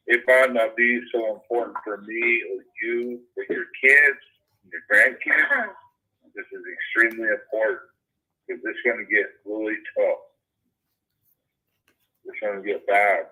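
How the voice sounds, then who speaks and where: A man's voice: mid-range voice, measured pace, long pauses, bright, forceful tone, husky. A man on a phone call, preaching, then swearing and ranting with many restarts. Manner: preachy and profane, rambling with restarts. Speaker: caller. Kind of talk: heated phone conversation. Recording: muffled phone-line audio.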